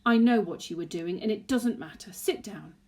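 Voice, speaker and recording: A woman reading aloud gives a strict, proper nanny. She speaks crisply and scolds firmly, close to the reader's own voice. It is a storybook read-aloud voice. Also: medium pitch, normal speed, mellow, close to an everyday voice. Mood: stern.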